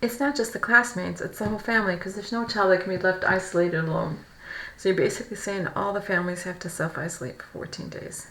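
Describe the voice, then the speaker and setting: Woman, live-stream reader. Stumbling, self-correcting news read. Vocal fry, reverberant room. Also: mid-range voice, fairly even intonation, bright, forceful tone. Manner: reads haltingly, stumbling and correcting herself. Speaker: streamer reading news aloud. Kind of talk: casual live-stream chat and reading aloud. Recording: roomy echo, faint background noise.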